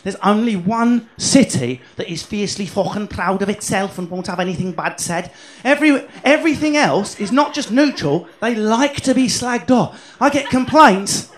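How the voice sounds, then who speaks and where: A man doing a stand-up comedy set in a comedy club, brash and sweary, telling animated stories. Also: high-pitched, normal speed.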